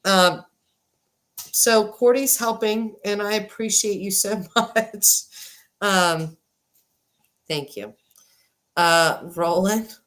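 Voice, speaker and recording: A woman in her forties hosts a casual livestream chat at a desk microphone that's sometimes glitchy. Her medium-pitched voice draws out words and pauses often. She's chatty, thanks viewers, and swings between excited and subdued.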